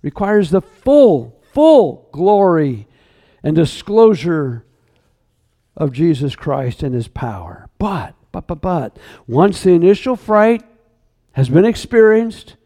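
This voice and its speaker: A man preaching a sermon, earnest and emphatic, repeating words and slowing down on key phrases. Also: fairly high pitch, big pitch swings, mellow.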